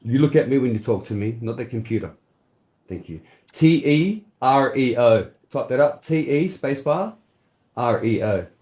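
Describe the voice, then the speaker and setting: Polynesian-born man, emphatic lecturing chat partner, mid pitch. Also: expressive, moderate pace, warm tone. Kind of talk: casual heated chat.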